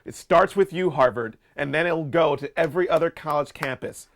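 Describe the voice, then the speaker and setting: A man's voice: a little high, fairly quick. A young man guesting on an interview, joking playfully and laughing often as he tells stories. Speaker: actor guest.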